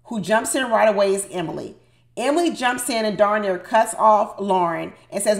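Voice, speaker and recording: A woman's voice: medium pitch, expressive, normal speed, gravelly, reverberant. A woman hosting a recap of a reality show, giving opinionated commentary and talking straight to her viewers with lots of emphasis.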